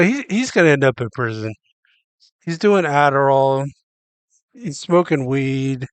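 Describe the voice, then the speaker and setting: A blunt man talks over a clip he is watching, swearing and sounding incredulous. His voice comes through smooth and clear. The sound is dry, with no room in it. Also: medium pitch, dry recording. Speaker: streamer reacting to a video. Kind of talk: casual reaction commentary.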